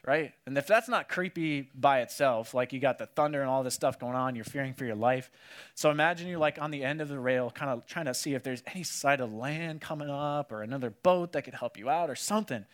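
A man preaching a casual sermon, telling the story with animated energy and acting out what people said. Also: a little high. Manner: animated storytelling, acts out quotes, many "like"s. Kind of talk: casual sermon to a youth audience.

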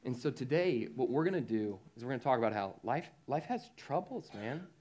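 A man giving a youth sermon, who talks lively and often asks the young audience "right?". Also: medium pitch, a little fast. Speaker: youth speaker.

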